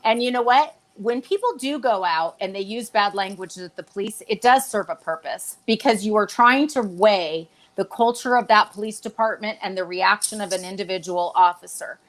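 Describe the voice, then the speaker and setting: A woman's voice: medium pitch, normal speed, few pauses, low-quality recording. A woman speaking as a guest in a casual livestream chat, emphatic and persuasive.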